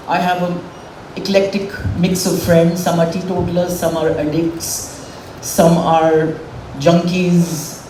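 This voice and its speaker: A middle-aged woman speaks candidly and with emotion at a public event. Her voice is picked up from a distance in a roomy hall with reverb. Faint room noise hums behind her. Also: lowish voice. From India. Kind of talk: public speech.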